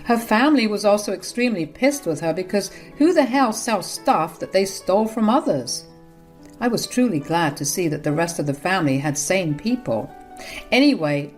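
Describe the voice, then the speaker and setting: Matter-of-fact woman narrating a story. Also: fairly low pitch. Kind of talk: first-person story narration.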